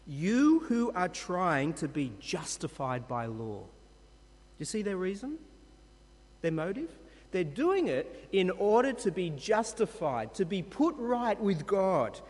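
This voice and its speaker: A man's voice: a little mellow, long reverb tail. A man preaching a sermon in a church, emphatic and full of rhetorical questions. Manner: emphatic, rhetorical questions, dramatic pitch swings.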